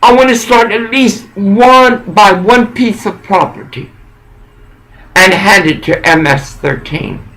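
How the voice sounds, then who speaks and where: A man with a high-pitched voice delivers a rambling monologue slowly and deliberately. He talks intensely and haltingly, circling back to repeat his phrases like a sermon. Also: lively intonation, fairly bright tone, poor audio.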